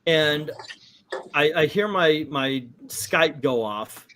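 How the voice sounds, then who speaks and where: A middle-aged man hosting a casual comic book livestream, animated and acting out quotes in little voices. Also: fairly high pitch, slow pace, lo-fi sound. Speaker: comic book show host.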